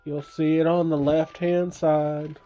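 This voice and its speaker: A man's voice: a little high, level tone, slow, dark tone, dull audio, faint music behind. Woman doing a helpful small-town shopkeeper.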